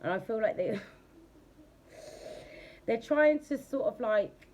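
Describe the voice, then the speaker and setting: A woman's voice: fairly high pitch, expressive, slow pace, a little mellow, a little hiss or hum. A woman giving a casual tarot reading. She talks bluntly and chattily, and she swears freely. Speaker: tarot reader.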